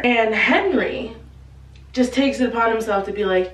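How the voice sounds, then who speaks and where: A woman giving a casual, slangy recap of a novel, acting out the characters' lines in quick bursts. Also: medium pitch, a bit bright, recorded from a distance, slight background noise. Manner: chatty, slangy, acts out quotes in quick bursts. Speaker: book explainer. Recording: roomy echo, a bit off-mic.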